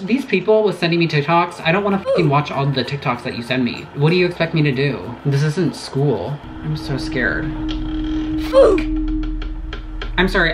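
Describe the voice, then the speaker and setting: A woman's voice: sits low, low-quality recording. A woman YouTuber giving casual gaming commentary, chatty and rambling, swearing constantly and easily startled. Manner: chatty, rambling asides to viewers. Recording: music playing behind the voice.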